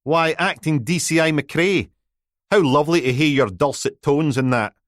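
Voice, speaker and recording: A man's voice: medium pitch, moderate pace, no echo, studio quality, pitched above the performer's own voice, lightly acted. A man voicing a smug newspaper reporter who teases and needles in a sarcastic manner. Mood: smug, teasing.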